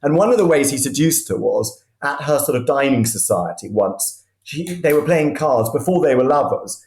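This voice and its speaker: With a mid-range, slightly mellow voice and lively intonation at normal speed, a guest historian tells history through vivid anecdotes. He frequently restarts sentences mid-thought, and the room is echoey.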